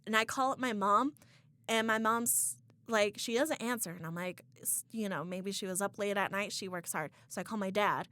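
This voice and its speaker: A woman's voice: medium pitch, normal speed, pushed and bright. Candid young woman telling a story. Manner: candid, emotional retelling with quoted dialogue. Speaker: podcast co-host. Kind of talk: casual chat, storytelling.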